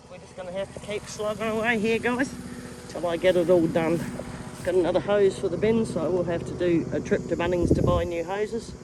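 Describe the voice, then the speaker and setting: A woman's voice: on the low side, noisy background. A middle-aged woman with an Australian accent, chatting down-to-earth as she works outdoors on her farm, filming on a handheld phone. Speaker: farm vlogger. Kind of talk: casual vlog narration.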